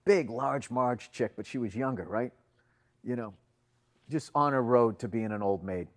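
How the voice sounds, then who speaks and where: A man's voice: medium pitch, unhurried. A middle-aged man, co-hosting a podcast and swearing his way through rambling anecdotes. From Boston. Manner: profane, rambling anecdotes, acts out other people's lines. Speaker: podcast co-host. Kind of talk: casual storytelling chat.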